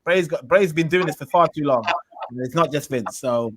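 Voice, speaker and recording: A man's voice: on the high side, moderate pace, fairly bright tone, no room sound. A man hosting a wrestling podcast, chatting emphatically and repeating himself. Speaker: podcast host. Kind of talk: casual chat.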